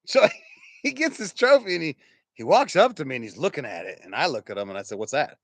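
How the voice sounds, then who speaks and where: Animated storytelling preacher, man around fifty. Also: on the high side, quick pace, dry recording. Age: about 50. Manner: animated, conversational, chuckles through stories. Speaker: pastor. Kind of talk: storytelling sermon.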